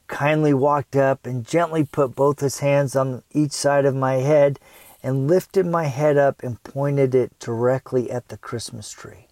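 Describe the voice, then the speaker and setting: An earnest man with a high, light voice tells a personal story and acts out parts of it with animation. The sound is dry and close, with no room echo. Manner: earnest, animated when retelling, acts out his child self. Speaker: parenting speaker.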